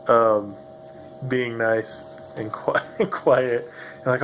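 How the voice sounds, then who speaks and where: A man's voice: mid-range voice, fairly even intonation, takes it slowly, pauses often, fairly bright tone, slight background noise. A man hosting a rambling solo podcast, loose and profane, who laughs often as he talks. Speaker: podcast host. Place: home room with a noisy computer. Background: grinding computer fan.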